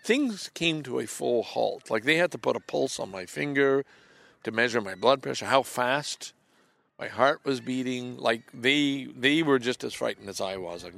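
Halting and repeating himself, a man delivers an expressive confessional monologue in a gravelly, fry-edged voice of ordinary middle pitch. His sentences sink into soft near-whispers, and the recording has no echo.

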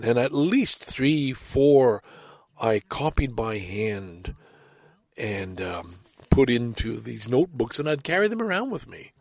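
A man's voice: medium pitch, creaky, darkish tone, slightly rough, dry recording. A man chatting casually and rambling about his books, breaking off to read poems aloud with feeling. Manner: rambling, self-interrupting, enthusiastic; reads poems aloud expressively. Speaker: vlogger sharing books and poems. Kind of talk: casual rambling talk with poetry readings.

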